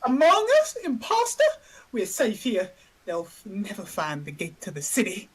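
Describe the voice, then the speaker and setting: A woman voicing an excitable male tribal chief in an amateur script reading, with shrill exclamations and a husky voice. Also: moderate pace, rough recording. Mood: alarmed. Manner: shrill exclamations, playful asides.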